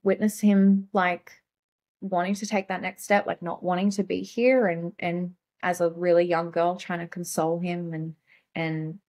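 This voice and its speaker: A young adult woman, a guest in a casual conversation, speaking softly and haltingly with many fillers. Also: on the low side, level tone.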